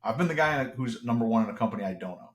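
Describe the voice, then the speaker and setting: A man's voice: medium pitch, animated, very fast, reverberant. A man as an interview guest, talking in an earnest, reflective way with frequent restarts. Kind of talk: casual podcast conversation.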